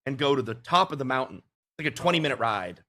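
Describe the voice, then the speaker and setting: A man chatting casually on a podcast, telling animated anecdotes and laughing often. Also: mid-range voice, fast. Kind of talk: casual chat, storytelling.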